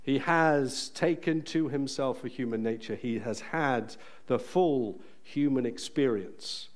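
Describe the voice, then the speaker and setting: A man preaching a sermon in a church, earnest and emphatic, slowing down to stress key phrases. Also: mid-range voice.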